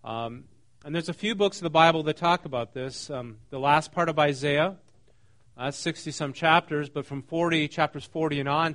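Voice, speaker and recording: A man preaching a casual, conversational sermon, often asking his listeners questions and pausing with "um". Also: on the high side, fairly bright tone. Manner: conversational, asks the room questions, frequent ums. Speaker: pastor.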